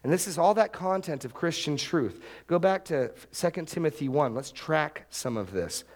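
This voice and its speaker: A middle-aged male pastor preaching an expository sermon, emphatic and repetitive, with sharp upward jumps when he stresses a point. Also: a little high, lively intonation, moderate pace. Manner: emphatic, repeats key phrases, rises sharply for stress.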